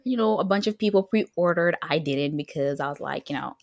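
A woman's voice: lowish voice, a little fast, few pauses, dry recording, studio quality. A woman co-hosting a podcast in casual chat, laughing and filling her talk with "like" and "um". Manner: laughing, chatty, lots of fillers. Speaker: podcast co-host.

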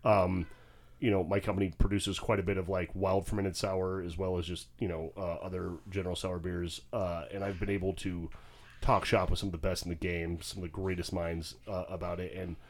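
A man co-hosting a casual podcast. His voice sits somewhat low, and he talks in a relaxed, filler-heavy way with casual swearing. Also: brisk. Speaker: podcast co-host, brewer.

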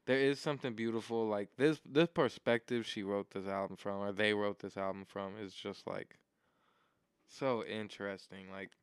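A man co-hosting a podcast, talking loosely and excitedly with lots of filler words. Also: lowish voice, moderate pace, clear, resonant tone, dry recording, studio quality. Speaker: podcast co-host. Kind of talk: casual chat.

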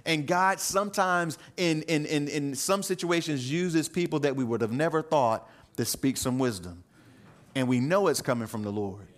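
A man's voice: fairly high pitch, normal speed. A middle-aged man preaching a sermon in a conversational way, with asides to the congregation and words repeated as he finds the next phrase. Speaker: pastor.

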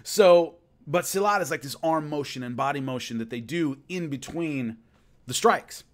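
A man's voice: on the high side, normal speed. A man casually telling a long rambling story about filming, with many restarts. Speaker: host recalling filming a fight show.

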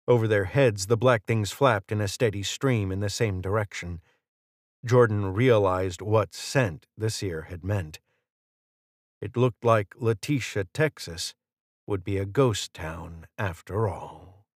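Low-voiced male audiobook narrator. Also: slow pace, no room sound, clean studio sound. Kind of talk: scripted narration.

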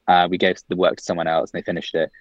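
Deep guy, podcast guest, rattling off stories quick, kinda muffled dry call audio. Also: flat delivery, no room sound. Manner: quick, chatty storytelling with frequent "like" fillers. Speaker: guest, agency owner. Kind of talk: casual podcast conversation. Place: office, remote call.

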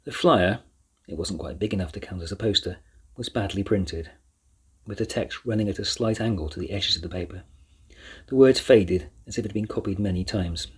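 A man reading a children's storybook aloud as narrator, in an even, measured way. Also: sits low, slightly rough. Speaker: audiobook narrator.

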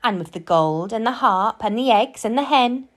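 A woman reading a children's story aloud, slow and expressive. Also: fairly high pitch. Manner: slow, sing-song and expressive. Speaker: storybook reader.

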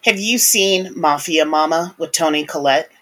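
A woman's voice: low-pitched, normal speed, fairly bright tone. A woman from the United States co-hosting a podcast in casual chat, laughing often and talking expressively. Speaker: podcast co-host.

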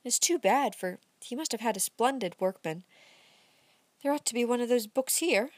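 A woman's voice: on the high side, lively intonation, no echo, pitched above the performer's own voice. A woman reading as a lilting, teasing young woman. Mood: playful. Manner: bright and lilting, quick to laugh.

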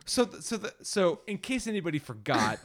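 A man's voice: high voice, big pitch swings, a little fast. A man co-hosting a podcast in casual chat, teasing and laughing. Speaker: podcast co-host.

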